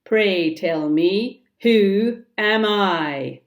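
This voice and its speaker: A woman voicing a furious blustering pirate captain. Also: mid-range voice. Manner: loud, blustering, slow and emphatic.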